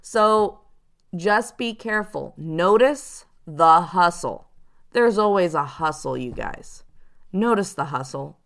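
A woman giving casual advice to viewers as a psychic show host, chatty and animated, now and then acting out the people she warns about. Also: mid-range voice, measured pace, gravelly. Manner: chatty, animated, acts out quoted hustlers.

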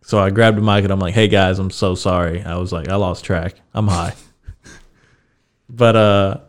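A young man with a fairly low voice tells a story on a podcast. His delivery is loose and unhurried, with plenty of swearing and laughter running through it. He comes across as a casual, chatty host. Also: steady tone. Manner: laid-back, swears freely, laughs through his stories.

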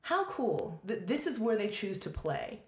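A woman telling a candid personal story in a conversation, expressive and quick to swear, acting out her own thoughts as she goes. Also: medium pitch, roomy sound. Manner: expressive, swears freely, acts out quoted thoughts. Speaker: guest.

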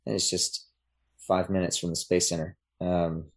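A man talking as a podcast guest in casual chat, relaxed and rambling, with many fillers and restarts. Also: deep voice, normal speed.

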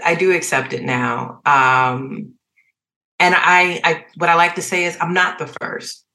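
A woman's voice: lowish voice, unhurried, poor audio. A woman speaking candidly as a podcast guest, frank and open, laughing and sometimes quoting others. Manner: frank, emotional, animated when quoting others. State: tearful at times. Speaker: guest, advertising executive.

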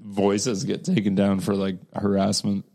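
A man's voice: lowish voice, monotone, a little slow, vocal fry, mellow. A man co-hosting a podcast, chatting casually in a blunt, profane, joking way. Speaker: podcast co-host. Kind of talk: casual chat.

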